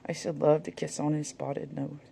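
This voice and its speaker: A woman, chatting casually while leafing through old photos, rambling and muttering soft asides. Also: low-pitched, flat delivery, normal speed, vocal fry, a little hiss or hum. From Texas. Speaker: vlogger. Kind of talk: casual reminiscing over a photo album.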